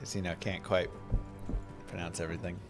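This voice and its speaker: Gravelly-voiced man streaming a game. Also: sits low, level tone, a little fast, over music. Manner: chatty, anecdotal, reads chat aloud. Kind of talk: casual live-stream commentary.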